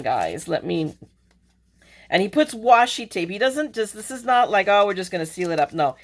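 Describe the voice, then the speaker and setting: Chatty woman gushing over mail. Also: fairly low pitch. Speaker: crafting vlogger opening mail. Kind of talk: casual chat.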